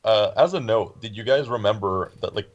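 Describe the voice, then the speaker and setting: Man, tabletop player, lowish voice, explains rules plainly. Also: a little fast, lo-fi sound. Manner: matter-of-fact, rules-minded. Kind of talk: casual tabletop game chat.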